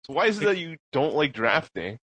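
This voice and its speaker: A man's voice: a little high, big pitch swings, brisk, pushed and bright, breathy edge, dry recording, rough recording. A man co-hosting a podcast in casual chat, speaking mildly and hesitantly. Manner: hesitant, mild, with restarts. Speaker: podcast co-host.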